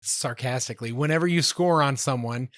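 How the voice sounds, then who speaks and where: A man's voice: mid-range voice, a little fast, fairly bright tone, dry recording, clean studio sound. A man on a casual podcast telling stories about himself in a wry, self-deprecating way. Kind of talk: casual chat.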